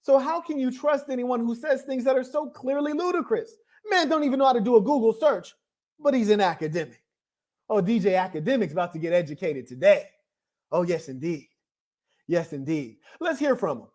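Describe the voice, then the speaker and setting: A man's voice: very high-pitched, animated, brisk, a little mellow. A man hosting a reaction podcast, boasting and mocking a rival in commentary. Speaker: podcast host.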